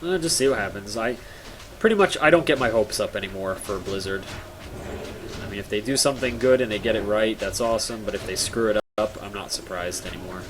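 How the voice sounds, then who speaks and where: A man's voice: lowish voice, a little fast, noisy background. A tired young man chatting casually and self-mockingly to viewers while streaming a game, rambling and joking at himself. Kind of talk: casual live-stream chat.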